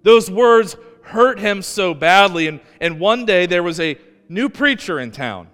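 Slow, emphatic preaching man in a hall. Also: high voice, lively intonation, a bit bright, faint music behind. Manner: emphatic storyteller, slows down to stress key words. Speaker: pastor. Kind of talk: sermon.

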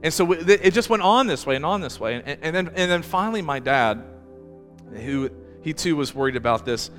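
A male pastor talks through a personal sermon with earnest restarts, his voice sitting fairly high. He sounds close to tears. The church hall adds a long reverb, with soft music playing faintly behind him. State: emotional, near tears.

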